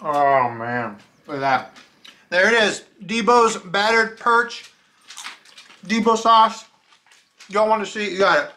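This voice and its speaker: Male vlog host, bright tone, easygoing and jokey, narrates cooking at home. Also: high voice, expressive, slow pace, pauses often. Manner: loose, joking, talks while he cooks. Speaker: fishing channel host. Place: home kitchen.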